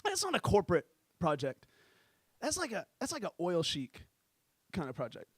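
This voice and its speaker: Animated high-voiced male comedian. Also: normal speed, slightly rough, no room sound. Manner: animated, profane storytelling. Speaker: stand-up comedian. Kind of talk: stand-up comedy.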